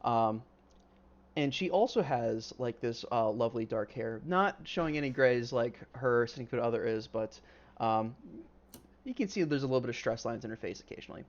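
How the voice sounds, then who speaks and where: A man's voice: mid-range voice, expressive, normal speed, dull audio. A man narrating as game master in a casual, rambling way, full of fillers and the odd swear word.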